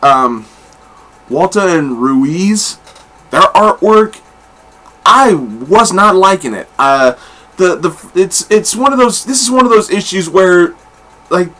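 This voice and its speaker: A man's voice: a little high, sharp tone. A man reviewing comic books in a casual, rambling monologue, blunt and swearing freely. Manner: rambling with many fillers and restarts.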